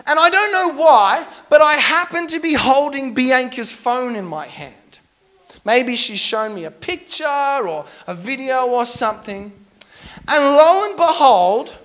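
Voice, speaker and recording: High-voiced animated young preacher. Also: male voice. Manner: animated, self-mocking storyteller. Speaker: pastor. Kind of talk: storytelling sermon.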